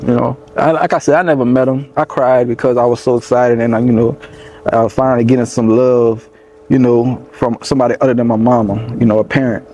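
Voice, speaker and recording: Mellow-voiced young Louisiana rapper. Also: male voice, mid-range voice, fairly even intonation, a little fast. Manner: loose, rambling, lots of "you know what I'm saying". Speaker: rapper being interviewed. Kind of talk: casual storytelling interview. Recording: faint background noise.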